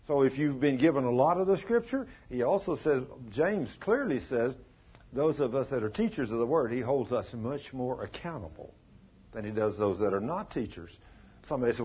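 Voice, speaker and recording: A man's voice: mid-range voice, sing-song, moderate pace, husky, muffled recording. A man preaching a folksy sermon, full of stories and questions put to the congregation. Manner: folksy, plain-spoken, asks the audience questions.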